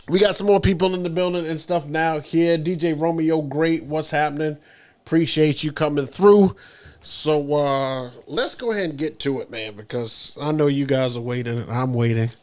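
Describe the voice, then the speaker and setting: A man hosting a casual livestream podcast, greeting the chat and introducing his guest. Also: fairly high pitch. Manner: upbeat, reads out chat names. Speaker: podcast host.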